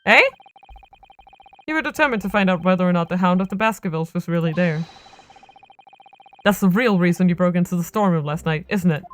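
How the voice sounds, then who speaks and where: A woman's voice: lowish voice, a little fast, long pauses, a little hiss or hum, close to an everyday voice. A woman voicing an earnest young male defense lawyer who reasons things through aloud, reading game dialogue on a stream.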